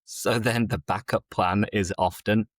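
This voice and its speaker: A man's voice: on the low side, fairly even intonation, measured pace, breathy edge, no room sound. A man with a Yorkshire accent hosting a casual interview, asking friendly, encouraging questions. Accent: Yorkshire English. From northern England, Yorkshire. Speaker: host, English teacher.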